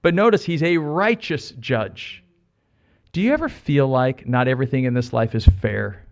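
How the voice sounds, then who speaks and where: A middle-aged American man preaches a sermon. He sits in a mid range for a man's voice, and he is animated, joking with the congregation and repeating short phrases to drive each point home. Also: mid-range voice, moderate pace, gravelly. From United States. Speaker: pastor.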